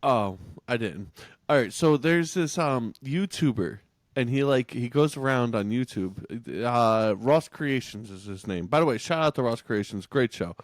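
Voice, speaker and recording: Lively, joking podcast man. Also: mid-range voice, a little slow, no room sound. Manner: loose, joking, lots of fillers. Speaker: podcast co-host. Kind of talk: casual podcast banter.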